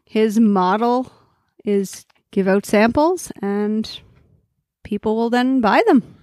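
A woman's voice: on the high side, slow, darkish tone, no room sound. Woman cohost chatting about food while eating, laughs a lot, dry mic. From Canada. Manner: chatty, laughs often, eats while talking. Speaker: podcast co-host. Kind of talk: casual food-tasting chat.

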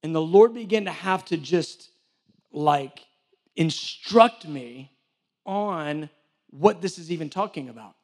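A man's voice: a little high, animated, slow, darkish tone. A man preaching a sermon in a conversational way, acting out little back-and-forth dialogues and often restarting his sentences. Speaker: church director preaching.

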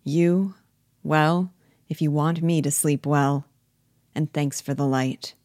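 A woman reading the part of Doctor Rank, an ironic, dying family friend in a stage play, in a wry, measured way. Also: low-pitched, fairly even intonation, darkish tone, no echo, studio quality. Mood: resigned.

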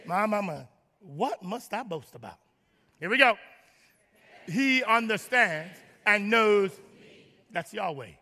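A man preaches to his congregation in a very high, piercingly bright voice. He teases the crowd with humor and builds to shouted lines. A long reverb trails every word in the church hall. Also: expressive, slow, pauses often. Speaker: pastor. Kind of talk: sermon. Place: large church.

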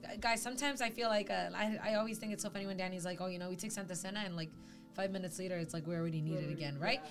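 A woman's voice: medium pitch, very fast. A woman in casual faith talk, earnest and reflective as a co-host. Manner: earnest, reflective, quotes scripture. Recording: faint music behind.

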